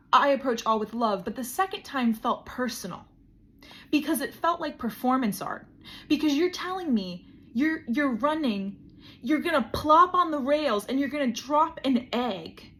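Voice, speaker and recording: A woman's voice: sits high, expressive, moderate pace, a bit bright. A young woman vlogger telling a funny story in a casual chat, with dramatic, mock-grand emphasis.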